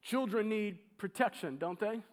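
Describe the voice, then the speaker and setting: A man preaching a sermon, telling a story with animated, acted-out quotes. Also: sits high, moderate pace.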